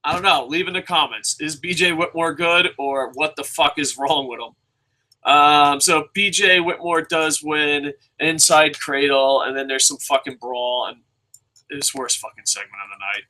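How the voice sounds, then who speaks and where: A man with a bright, forceful, fairly high voice rants through a wrestling show review. He rambles, swears constantly and gets excitable as he jumps from point to point. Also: moderate pace, poor audio. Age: adult with a son. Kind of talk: casual profane rant.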